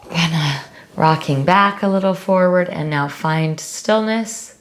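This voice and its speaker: A woman teaching a restorative yoga class, giving calm, unhurried cues with casual fillers. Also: deep voice. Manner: slow, calm cueing with fillers. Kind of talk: guided yoga instruction.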